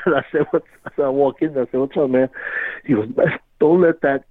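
A man's voice: medium pitch, steady tone, fast, no room sound. Rambling storyteller man on a tinny phone line. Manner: rambling, says "you know what I mean" often. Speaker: guest. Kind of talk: casual storytelling.

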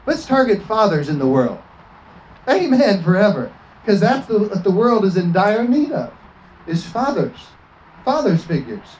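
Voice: medium pitch, sing-song, a little slow, a little mellow, slight background noise, low-quality recording. A preacher giving a fervent sermon, often asking the congregation for an amen and slipping into acted quotes.

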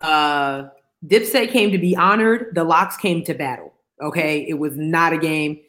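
A woman's voice: low voice, unhurried, a bit bright. A woman co-hosting a podcast in casual chat, emphatic and slangy, repeating her punchlines for effect. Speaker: podcast co-host.

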